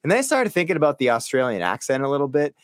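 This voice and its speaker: A man's voice: mid-range voice, very animated, very fast, clean tone, no echo, studio quality. A man in his thirties from Boston with a Boston accent, co-hosting a podcast, thinking aloud with plenty of fillers. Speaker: podcast co-host. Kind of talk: casual chat.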